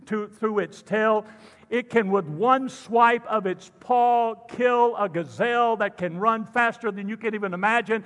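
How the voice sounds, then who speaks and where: A man preaching a sermon, animated and jokey, calling out to the congregation. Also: high voice, long reverb tail. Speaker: pastor.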